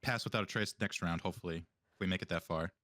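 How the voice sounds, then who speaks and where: A man's voice: low voice, fast talker, fairly bright tone, no echo, studio quality. A man playing a tabletop game, talking casually, rambling with fillers and the odd swear word. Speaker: player.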